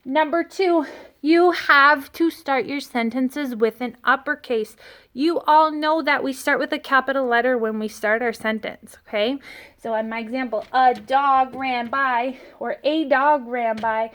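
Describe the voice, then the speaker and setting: A woman with a high, light voice gives a remote lesson to small children. She speaks gently and slowly, with warm encouragement, as a kindergarten teacher would. Her phone sits a short way off in an empty classroom. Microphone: phone set down in front of her.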